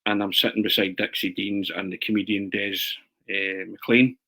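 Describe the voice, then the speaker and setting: On a low-quality recording, a male journalist and writer speaks at normal speed in a lowish voice. Being interviewed, he laughs through his anecdotes, animated, and keeps restarting and repeating words.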